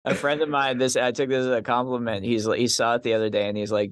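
A man's voice: medium pitch, brisk, few pauses, no room sound, studio quality. A man, a film writer and director, answering interview questions wryly and laughing often. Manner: laughs often, wry and self-deprecating.

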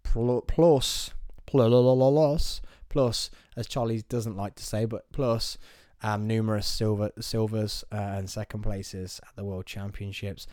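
Young man, solo studio vlogger, animated storyteller, dry close mic. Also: on the low side, measured pace, no echo. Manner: chatty and animated, playful storyteller. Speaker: podcast host. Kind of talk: casual solo vlog to camera. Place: small studio.

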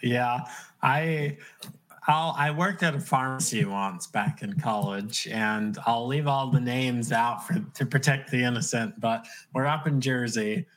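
Man, podcast host, relaxed, chatty, mid-pitched voice. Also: measured pace. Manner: relaxed, chatty, laughs along. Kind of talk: casual conversation.

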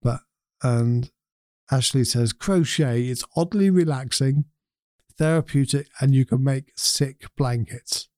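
A man hosts a relaxed chat, reading viewer comments aloud and pondering each one with an easy chuckle. His voice is mellow and warm. The sound is dry and close, with no room around it. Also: mid-range voice, takes it slowly, dry recording. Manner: reflective, chuckles often.

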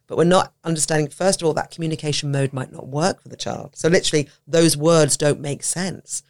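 A woman talks in a relaxed podcast chat and drops into little acted voices of teachers and children as she explains. Her speech is lively and expressive, and she laughs easily. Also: low-pitched, a little fast. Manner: animated, acts out quoted voices, laughs often. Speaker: podcast guest, autism educator. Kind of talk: conversational podcast talk.

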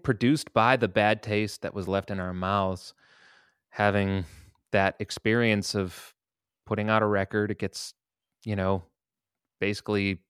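A man with a lowish, smooth and resonant voice, talking as a guest musician in a relaxed interview. He tells loose stories and swears offhandedly, recorded close and dry. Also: dry recording. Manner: laid-back storytelling, laughs and swears casually. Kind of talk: casual interview.

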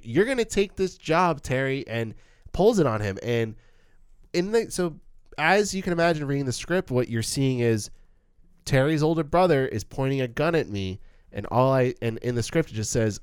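A man talks through a film scene with a friend, smooth and resonant in tone, his voice dry and close with no room around it. He is animated, trips over his own words and restarts, and now and then acts out a line. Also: mid-range voice, normal speed, dry recording. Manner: animated, stumbles and restarts, acts out quoted lines. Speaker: podcast co-host discussing a film. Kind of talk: casual film analysis chat.

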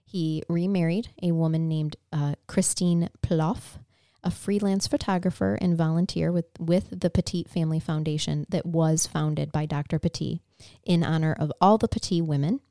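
A woman's voice: deep voice, steady tone, moderate pace, mellow, no room sound, studio quality. A woman co-hosting a casual true-crime podcast, telling the story plainly and with feeling, swearing now and then. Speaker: podcast co-host.

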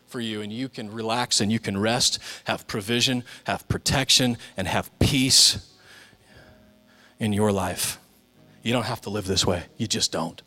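Animated male pastor preaching. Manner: animated, swings from soft and low to loud high-pitched impressions. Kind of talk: sermon. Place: church.

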